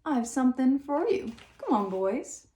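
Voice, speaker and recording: A woman's voice: high-pitched, sing-song, a little slow, warm tone, voice pushed up. A woman reading aloud and voicing a wild, teasing young boy who pretends to be crazy, with a screechy, gleeful manner. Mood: mocking shrill. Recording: roomy echo.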